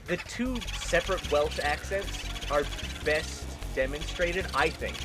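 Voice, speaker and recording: A man with a fairly high voice, eagerly sharing trivia in a casual gaming chat. Game music plays clearly behind him. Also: a little slow. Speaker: let's play co-host.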